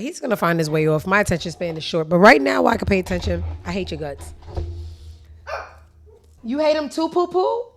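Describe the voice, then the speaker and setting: A woman hosting a casual commentary show, sassy, blunt and profane, speaking. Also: medium pitch. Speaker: host.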